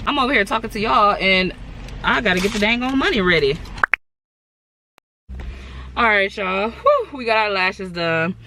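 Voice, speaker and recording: A woman's voice: mid-range voice, lively intonation, moderate pace, pauses often, sharp tone, slight background noise. Young woman, casual vlog, chatty storytelling, playful quoted voices, phone mic. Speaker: vlogger. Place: in a car and in a store.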